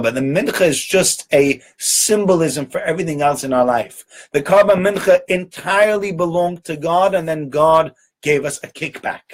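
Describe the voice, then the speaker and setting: A man giving an informal Torah lecture in a conversational way, often checking in with "right?" and doubling words for emphasis. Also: on the high side. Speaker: rabbi giving a Torah talk.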